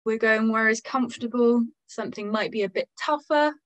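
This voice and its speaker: A woman with an English accent leading an online singing lesson, gently encouraging and demonstrating sounds aloud. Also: fairly high pitch, a little fast, rough recording. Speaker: singing teacher.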